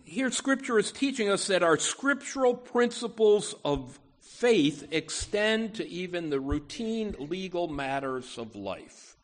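Man preaching slow, kinda high voice, lots of "you know" asides, punchy emphasis. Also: big pitch swings. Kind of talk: sermon.

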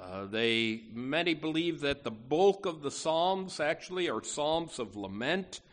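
A man's voice: on the high side, animated, a little slow. A man preaching a sermon to his church, earnest and emphatic, often restarting phrases as he goes. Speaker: pastor.

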